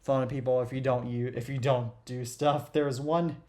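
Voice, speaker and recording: A man's voice: medium pitch, fairly even intonation, normal speed, darkish tone. A young man from the southeastern United States, a podcast guest in casual chat who leans hard on words and drags out their endings.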